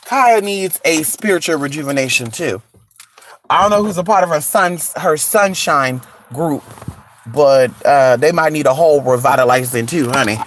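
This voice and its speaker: Calling her audience "honey" and "girl," this vlogger dishes gossip in a casual, sassy, animated chat while outside in the cold. Her voice is mid-range at a normal speed, and there's a little hiss or hum in the audio.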